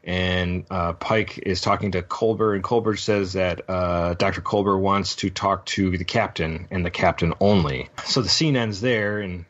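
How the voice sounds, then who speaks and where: A man with a very deep voice talks through a show recap in a loose, meandering podcast chat, stopping often to fill gaps with ums and uhs. The sound is dull and lo-fi. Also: fairly even intonation, a little slow, hardly any pauses, fairly bright tone. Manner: rambling, full of ums and uhs. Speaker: podcast host. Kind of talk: casual episode recap.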